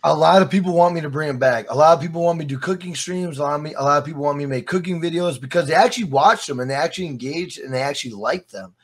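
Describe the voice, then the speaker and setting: A man's voice: a little high, very fast, hardly any pauses, husky. A man guest on a podcast, chatting casually and swearing often, laughing through his stories. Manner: profane, laughing storyteller. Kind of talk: casual chat.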